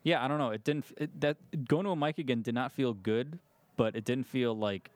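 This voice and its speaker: A man co-hosting a podcast, talking about stand-up in a quick, anxious, self-critical way. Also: mid-range voice, no echo. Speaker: comedian, podcast co-host. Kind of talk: casual chat.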